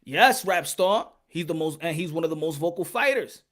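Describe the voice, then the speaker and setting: A man's voice: on the high side, expressive, normal speed, fairly bright tone. A man hosting a casual boxing live stream, bantering with his chat in a profane, laughing way. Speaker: boxing channel host.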